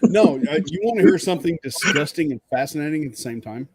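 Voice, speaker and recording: A man's voice: fairly high pitch, lively intonation, fast, a crowd in the background. A man co-hosting a livestream in casual chat, joking and swearing in a laid-back way. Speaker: livestream co-host.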